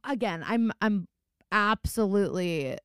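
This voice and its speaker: A young adult woman co-hosting a podcast, recapping a TV show in a casual, animated and playfully dramatic way. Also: medium pitch, unhurried, clear, resonant tone, no room sound, studio quality. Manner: animated, playfully dramatic, slips into mock voices. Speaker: podcast co-host.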